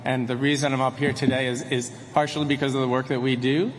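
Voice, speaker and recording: A man with a medium-pitched voice that moves little in pitch speaks fast as he accepts an award for the restaurant he runs. His earnest speech has some restarts, and it is recorded in a reverberant hall with faint noise.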